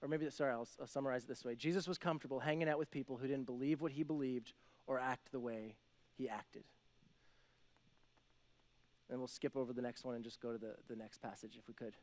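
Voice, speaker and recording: A young man preaching a casual, conversational sermon, acting out the people in the story with quick voices and lots of "like" and "right?". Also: medium pitch, fairly even intonation. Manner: conversational, acts out voices of biblical characters, many "like" and "right?". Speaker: pastor.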